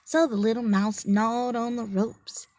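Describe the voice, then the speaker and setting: Unhurried woman giving a leadership lesson. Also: a little high, expressive, no echo. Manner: rhetorical, teasing, unhurried. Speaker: educational consultant. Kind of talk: motivational leadership lesson with storytelling.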